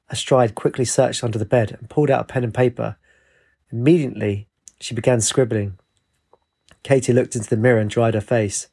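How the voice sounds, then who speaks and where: A man's voice: medium pitch, steady tone, a little fast, gravelly, warm tone, breathy edge. Man reading a storybook. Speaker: narrator.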